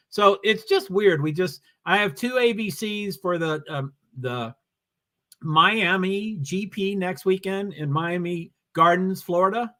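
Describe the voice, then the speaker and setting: This livestream host speaks at a moderate pace in a New England accent, his high male voice bright and forceful. He drifts casually between reading viewer comments and racing news aloud.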